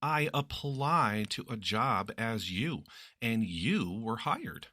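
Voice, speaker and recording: A man's voice: very animated, slow, bright, forceful tone, no echo, studio quality, heavily acted. A man voicing a cheerful, meddling young woman friend in a teasing, bubbly way. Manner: teasing, bubbly, raises pitch.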